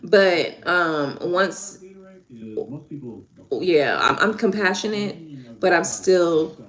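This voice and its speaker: A woman's voice: fairly low pitch, animated, drawn-out words, a bit bright. A young woman giving tarot readings on a live stream, chatting casually and emotionally with viewers.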